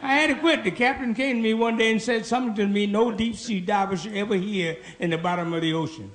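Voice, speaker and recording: A man doing stand-up, telling old-school jokes with a gravelly voice and jumping high in pitch for the people in his stories. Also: fast talker, fairly bright tone, a little hiss or hum. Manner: old-school punchline delivery, jumps up in pitch for quoted characters. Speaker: stand-up comedian.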